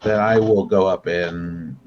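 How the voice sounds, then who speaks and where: Brief: male tabletop player, halting, muffled lo-fi line. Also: deep voice, fairly even intonation. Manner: hesitant, filler-heavy. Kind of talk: casual tabletop play. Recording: dull lo-fi mic with faint noise.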